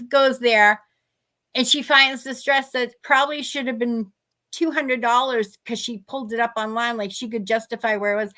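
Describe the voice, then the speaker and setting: Female co-host, high and bright, lively casual storyteller who mimics others. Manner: animated storyteller, acts out other people's lines. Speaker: podcast co-host.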